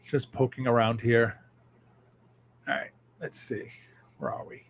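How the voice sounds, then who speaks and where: A man in his fifties hosting a casual livestream, reading viewer comments in a sardonic, animated way that swings from muttering to loud outbursts and swears freely. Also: medium pitch, measured pace, a little hiss or hum. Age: 50s. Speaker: livestream host.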